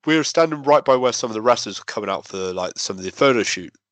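A man's voice: mid-range voice, animated, fast talker, a bit bright, dry recording. A man telling a rambling, self-deprecating story in a casual chat. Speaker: podcast co-host.

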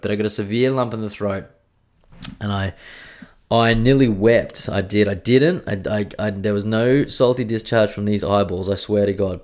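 A young man hosting a casual solo podcast, joking and swearing freely as he chats. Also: lowish voice. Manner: swears freely, jokey and self-mocking. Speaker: podcast host.

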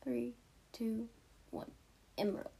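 A teenage girl talks her way through a video game in a loose, chatty stream of commentary. Her voice has a soft, breathy, slightly husky edge. She giggles often and pokes fun at her own mistakes. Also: on the high side, fairly even intonation, takes it slowly. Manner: chatty, giggly, self-mocking. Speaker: gaming streamer. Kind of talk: casual gameplay commentary.

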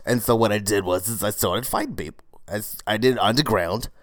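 A man's voice: on the low side, a little fast, dry recording, close to an everyday voice. A man improvising as a brash fortyish woman who runs a failing cold-yoga studio, rambling with lots of "uh" and "you know" and talking crudely and matter-of-factly. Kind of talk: improvised comedy monologue.

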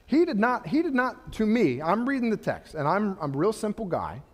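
A middle-aged man preaching in a church hall with a high, bright voice. He talks casually, then builds to fervent rhetorical questions, his words trailing into a long reverb. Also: normal speed. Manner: animated, rising to impassioned rhetorical questions. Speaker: pastor. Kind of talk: sermon.

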